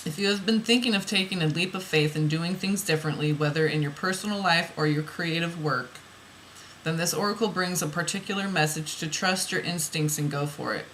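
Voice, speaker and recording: A woman's voice: lowish voice, a little fast, a bit bright, a little hiss or hum, poor audio. A woman reading oracle card messages aloud, then musing about them in loose, rambling asides that repeat phrases.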